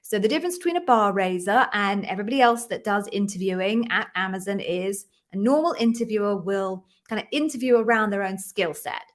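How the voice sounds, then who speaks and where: A middle-aged woman from London hosting a live stream, chatting warmly with viewers and greeting each by name before explaining her work as an interview coach. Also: mid-range voice, a little fast, few pauses. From London, England.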